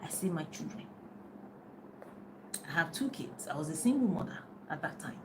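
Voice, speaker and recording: A middle-aged woman coaching her viewers in a live stream, speaking on her phone in a casual, rambling way. Her voice sits on the lower side for a woman, and she often laughs and loses her train of thought. A faint hum of the room is heard behind her. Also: very animated, moderate pace. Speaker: life and business coach. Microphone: phone on a live video.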